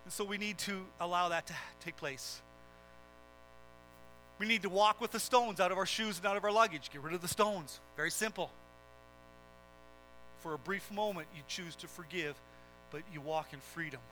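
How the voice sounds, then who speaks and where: High, bright-voiced male preacher. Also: moderate pace, pauses often, soft background music, rough recording. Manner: earnest, swelling into dramatic retelling. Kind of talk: sermon with storytelling.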